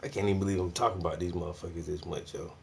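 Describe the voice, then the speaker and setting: A man's voice: sits low, steady tone, very fast, gravelly, a little mellow, a little hiss or hum. A man ranting casually about his neighbors, slangy, profane and full of laughs. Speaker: vlogger, artist. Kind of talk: casual rant.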